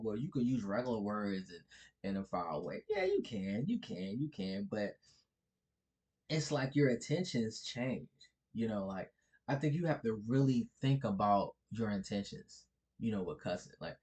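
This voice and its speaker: A man's voice: mid-range voice, darkish tone. A man talking in a casual vlog monologue, chuckling often and rambling loosely, tagging his points with "right?" and "like". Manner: loose, rambling colloquial delivery. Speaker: vlogger.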